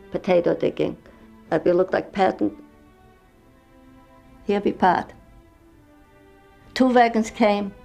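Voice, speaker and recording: A Yiddish-speaking woman from Poland, now in her 70s, gives halting personal testimony in broken English as an interviewee. Her voice is lowish, gravelly, and warm, and her storytelling is emotional.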